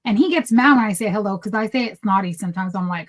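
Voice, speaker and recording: A young woman co-hosting a podcast chats in a relaxed way with a slightly high voice, speaking a little fast with few pauses. She tells stories energetically and acts out both sides of the conversations she describes. The recording is rough.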